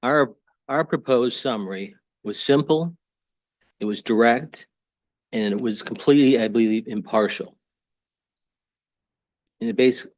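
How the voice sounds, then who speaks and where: Halting man testifying as an attorney. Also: mid-range voice, a little mellow, dry recording. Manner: hesitant, halting, frequent restarts. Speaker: attorney addressing a state board. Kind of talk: formal testimony at a public meeting. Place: government hearing room.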